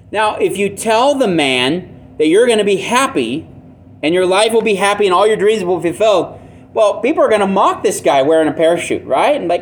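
Man, pastor, sermon, earnest, plainspoken, slightly higher pitch, faint room hum. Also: animated, moderate pace. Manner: earnest, plainspoken, self-deprecating asides.

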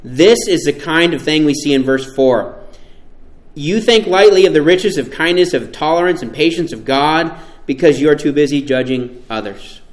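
A man preaching a sermon, emphatic and animated, often asking his listeners rhetorical questions. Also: fairly high pitch, moderate pace, reverberant.

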